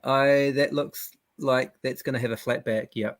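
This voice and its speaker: A man's voice: medium pitch, steady tone, normal speed, no echo. Teasing man, dry close sound. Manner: teasing, playful banter. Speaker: podcast co-host. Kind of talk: casual chat.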